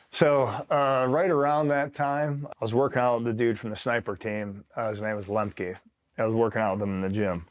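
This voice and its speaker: A middle-aged retired Marine from New York State telling a war story in casual, profane talk, full of "like" and "right?". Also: male voice, medium pitch, steady tone, a little fast. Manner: profane, rambling, filler-heavy with frequent "right?".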